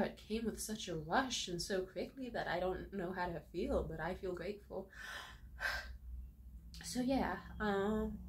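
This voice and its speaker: A young woman talks to her viewers from home, tearful but happy, her voice a touch low as she gushes her thanks. She laughs through the crying and her words tumble out. A faint hiss sits under the recording. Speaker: vlogger. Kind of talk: emotional direct-to-camera vlog. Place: home room.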